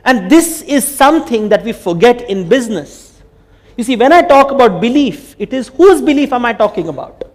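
A man with an Indian accent giving a conference talk, telling stories in an animated way and slipping Hindi phrases in. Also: very high-pitched, normal speed. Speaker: speaker. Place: conference hall.

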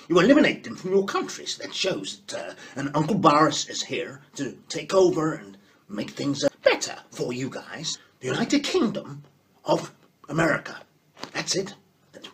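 A man's voice: a little high, fairly bright tone, a little hiss or hum. A man doing a comic impression of a smug male politician who calls himself uncle and stammers as he talks.

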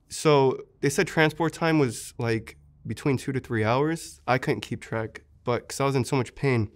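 Smooth-voiced young man telling a war story. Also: medium pitch. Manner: vivid, earnest storytelling with many fillers. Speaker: war veteran interviewee. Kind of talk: recounting a war injury in an interview.

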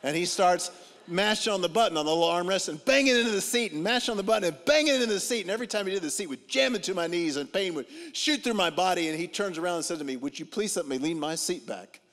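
A high-pitched man speaking at a quick pace gives a funny sermon as a guest speaker, animatedly storytelling and performing what others said with comic timing. He's in a church auditorium, where the large hall's long reverb is audible.

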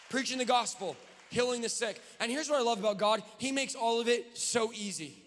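High-voiced fervent male preacher in a reverberant hall. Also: a little fast, a faint crowd. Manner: fervent, often shouting. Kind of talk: sermon. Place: church sanctuary.

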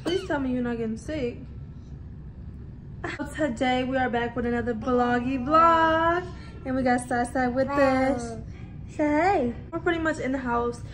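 Woman vlogger at home, high bright voice, excitable cooing chatter to the kids, handheld camera with clear background noise. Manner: excitable, cooing baby talk to children. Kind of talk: casual home vlog. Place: at home, indoors.

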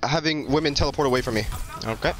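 A young man streaming a game at his home desk, trading crude, profane banter and breaking into sudden shouts. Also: medium pitch, fast talker, background noise. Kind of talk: casual live-stream gaming chat. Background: game music playing.

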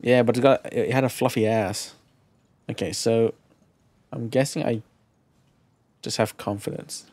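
A man streaming a video game live, chatting casually, excitable and profane, with playful shouted exclamations. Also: mid-range voice, unhurried, pauses often, no room sound. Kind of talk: casual live gameplay commentary. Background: faint game music.

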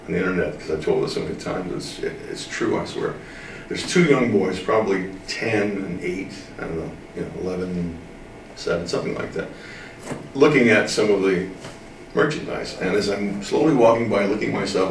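This older Midwestern man speaks in a low voice over a faint hiss or hum, recorded by a distant mic in a roomy space. A voice actor in a casual interview, he tells stories with an emphatic, unhurried drawl.

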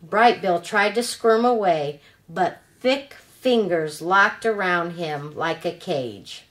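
A woman reading a children's novel aloud as a storyteller, in a slow, deliberate telling. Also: fairly low pitch, fairly bright tone.

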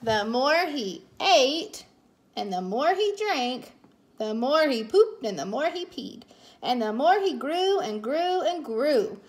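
A woman teacher reads a picture book aloud to children at bedtime. Her voice sits high and she takes her time, leaning into each line with lively expression. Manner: slow, expressive storytelling with character voices. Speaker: teacher reading a bedtime story.

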